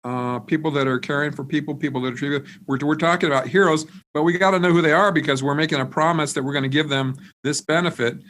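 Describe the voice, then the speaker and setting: A man, a state senator, speaking remotely in a floor debate, measured and hesitant with many fillers and restarts. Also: on the high side, steady tone, a bit bright, slight background noise. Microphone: remote video call.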